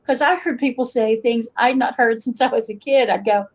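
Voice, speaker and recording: Middle-aged Appalachian woman, folklorist guest, raised pitch, lo-fi recording, animated storyteller. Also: normal speed. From western North Carolina. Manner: animated, acts out quoted voices, frequent restarts. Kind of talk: conversational interview storytelling.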